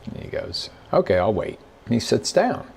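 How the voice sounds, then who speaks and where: A man's voice: on the low side, sing-song, moderate pace, gravelly, a little mellow, breathy edge. A middle-aged man hosting a show as a business coach, telling stories in a casual motivational talk and acting out the quotes. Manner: conversational storyteller who acts out quotes.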